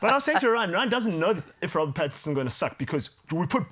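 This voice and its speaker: A man in casual chat, teasing the others in quick banter. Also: sits high, big pitch swings, fairly bright tone.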